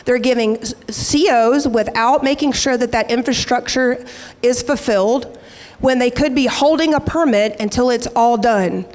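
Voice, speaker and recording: A woman's voice: a little high, normal speed, darkish tone. A woman giving a combative, indignant campaign speech as a political candidate. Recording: hall reverb.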